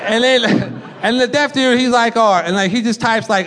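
Young male stand-up comic, high voice, rambling and profane, live club recording with a rowdy crowd behind him. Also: moderate pace, background noise. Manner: rambling, profane, laughing at his own jokes. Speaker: stand-up comedian. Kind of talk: stand-up comedy set. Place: comedy club stage. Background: audience laughter and chatter.

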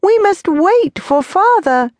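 A woman voicing a small, trusting peasant boy in a children's storybook, high and childlike. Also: big pitch swings, slow, a little mellow, no room sound, studio quality, exaggerated voice. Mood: pleading.

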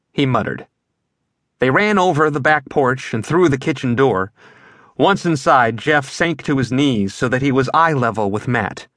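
A man's voice: medium pitch, animated, unhurried, fairly bright tone, dry recording. Male audiobook narrator, dry and close. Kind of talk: scripted narration.

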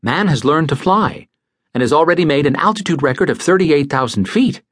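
A man's voice: a little high, animated, brisk, fairly bright tone, slightly rough, no room sound, studio quality. A male narrator voicing a dignified, worried middle-aged bishop who talks earnestly and a little pompously.

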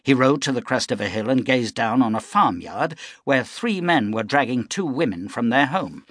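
A man narrating an audiobook in measured, dramatic storytelling. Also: mid-range voice, lively intonation, fairly bright tone, no echo, studio quality. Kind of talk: scripted narration.

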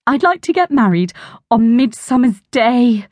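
A woman voicing a romantic, excitable middle-aged aunt in a children's storybook, with a dreamy, gushing manner. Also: high voice, measured pace, dry recording, studio quality, voice pushed up.

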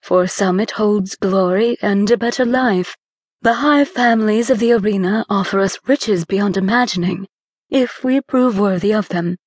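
Audiobook figure: woman narrator doing a serene alien female fighter, measured and formal, dry close sound. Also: mid-range voice, a little mellow, no echo, lightly acted. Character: calm, formal alien woman warrior with antlers.

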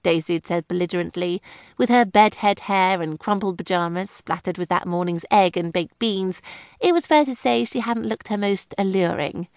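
A woman's voice: mid-range voice, moderate pace, no room sound, studio quality. A woman reading a novel aloud as a first-person narrator. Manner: even, clear storytelling. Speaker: audiobook narrator.

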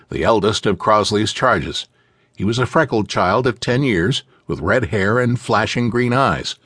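Male fantasy audiobook narrator, animated delivery, dry studio sound. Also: on the low side, no echo. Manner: vivid, expressive storytelling.

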